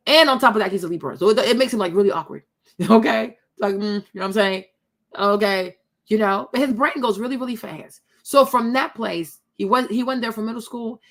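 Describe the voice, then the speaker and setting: Woman from the ivory coast, young, chatty host, casual storytelling, higher voice. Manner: chatty, addresses viewers as y'all, many tag questions.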